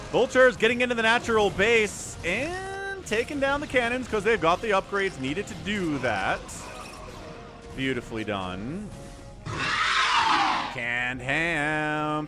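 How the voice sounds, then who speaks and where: A man commentating a strategy game live on his stream, chatty and excitable, thanking viewers between plays. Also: high-pitched. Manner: animated, chatty, thanks viewers mid-play.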